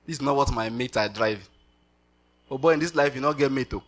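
A middle-aged Nigerian man preaching a sermon with animated delivery, slipping into pidgin asides and laughing. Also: medium pitch, fast talker.

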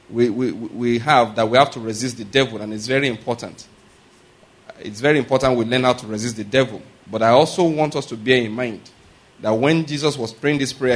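A male preacher delivers his sermon loosely and conversationally, asking "are you getting my point?" and "all right?" to check that the congregation follows. He chuckles and rambles off into anecdotes, speaking at an ordinary middle pitch.

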